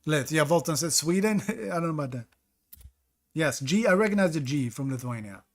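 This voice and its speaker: Brief: male streamer, slightly higher voice, casual running commentary, stops to greet chat by name. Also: lively intonation, a little fast. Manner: thinks aloud, greets chat mid-sentence.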